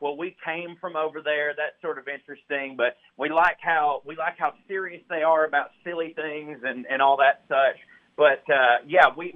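A man with a Southern US accent, a guest author talking earnestly, laughing easily. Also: a little high. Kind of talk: casual chat. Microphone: phone line. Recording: tinny phone line.

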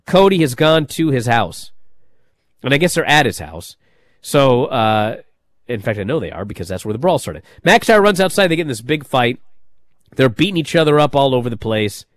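A man hosting a casual wrestling chat, telling stories in an animated way with many fillers and restarts. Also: medium pitch, moderate pace, no room sound. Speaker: wrestling podcast host.

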